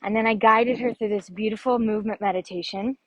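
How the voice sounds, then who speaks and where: A woman's voice: medium pitch, fairly even intonation, brisk, lo-fi sound. A woman working as a success coach, giving an earnest motivational talk to camera and often ending her points with "right?". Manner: warm, calls listeners "sister".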